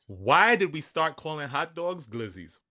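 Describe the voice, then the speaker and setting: A man in his forties with a New York accent chats on a podcast, his pitch swinging widely as he jokes. His voice is bright and a touch high for a man. He laughs often and hammers his points through repetition. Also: big pitch swings, measured pace. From New York, family from Guyana. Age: 40s. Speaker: podcast co-host. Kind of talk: casual chat.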